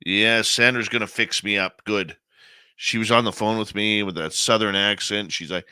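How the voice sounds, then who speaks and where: A man's voice: lowish voice, fairly even intonation, normal speed, sharp tone, clear, resonant tone, no echo, clean studio sound. A man hosting a live radio show in casual chat, greeting listeners and reading their comments aloud on a headset microphone.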